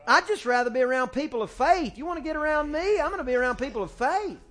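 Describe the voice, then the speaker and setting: High-voiced man preaching a folksy sermon. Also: fast talker, soft background music. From small-town US. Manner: folksy and animated, acting out family quotes. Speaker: pastor. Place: church sanctuary, music faint behind. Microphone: handheld microphone.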